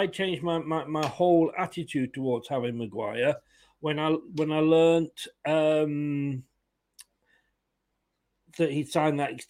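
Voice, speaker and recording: A man hosting a casual football fan live stream, chatty and opinionated, often laughing as he greets viewers. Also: mid-range voice.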